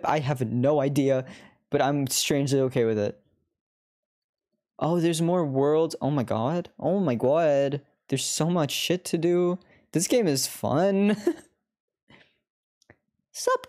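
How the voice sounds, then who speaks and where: A woman's voice: low-pitched, measured pace, warm tone. A woman streamer chatting through live gameplay commentary, laughing often and swearing freely.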